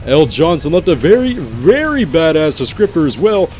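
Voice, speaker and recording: A man's voice: fairly high pitch, very animated, moderate pace, a little mellow. A man hosting a gaming video in a playful, jokey commentary style with teasing asides. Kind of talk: casual game commentary.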